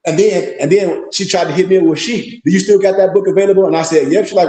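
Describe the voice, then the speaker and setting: A man talks as a pastor and teacher, animated and boastful, slipping into quoted voices as he tells his stories. His voice sits high for a man. The room around him rings with echo. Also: quick pace, hardly any pauses. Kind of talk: casual livestream talk.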